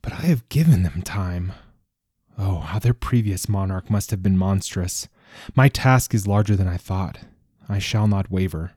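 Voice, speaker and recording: A man's voice: low voice, lively intonation, unhurried, warm tone, husky, no room sound, clean studio sound, full character voice. A man voicing an ancient immortal desert king who speaks in a formal, stately way. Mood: musing.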